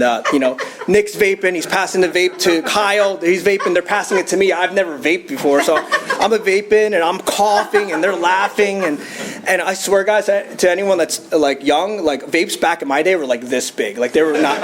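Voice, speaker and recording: A young man tells his recovery story to a meeting in a loose, chatty way. He uses plenty of fillers and restarts, and his voice sits a little high. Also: background noise. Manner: casual, storytelling with fillers and laughs. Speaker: AA speaker.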